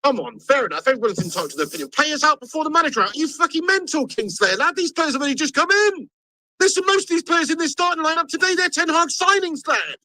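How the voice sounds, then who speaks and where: A man's voice: very high voice, pushed and bright, dry recording, rough recording. A man ranting and swearing as he streams a football match live. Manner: angry, swearing rant. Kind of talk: live watch-along rant.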